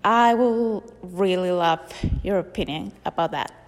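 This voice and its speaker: A woman's voice: fairly low pitch, unhurried, in a large hall. A woman from Venezuela with a Venezuelan Spanish accent, leaving a polite, hesitant question for a show. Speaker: caller. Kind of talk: recorded voice message question.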